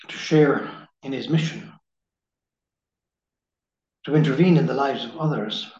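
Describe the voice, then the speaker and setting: A man giving a slow, measured spiritual reading in the manner of a preacher. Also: fairly high pitch, a little mellow. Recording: echoey room, dull lo-fi sound.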